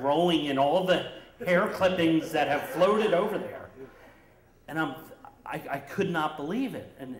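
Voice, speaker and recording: A man telling a personal story on stage at a story slam, animated and lively as he acts out the scenes. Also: fairly high pitch. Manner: lively, animated retelling with acted quotes. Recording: roomy echoing hall.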